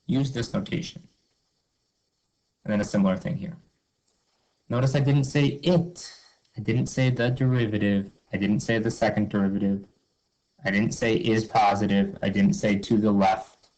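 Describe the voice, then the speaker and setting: At a normal speed and with a voice on the low side, a man teaches an upbeat math review. He's informal, goes through it step by step, poses and answers his own questions, and keeps saying "okay" and "cool." The audio is poor.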